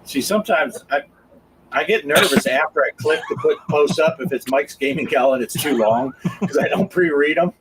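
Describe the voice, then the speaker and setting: A man's voice: fairly high pitch, normal speed, background noise. A man hosting a gaming podcast in casual chat, laid-back and teasing while he reads the chat. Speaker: podcast host reading chat.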